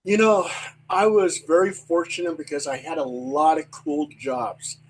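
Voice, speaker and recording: An older man telling stories from his working life in a casual chat, animated and swearing freely. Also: fairly high pitch, unhurried, a little hiss or hum, poor audio. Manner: animated storyteller, swears freely, acts out voices.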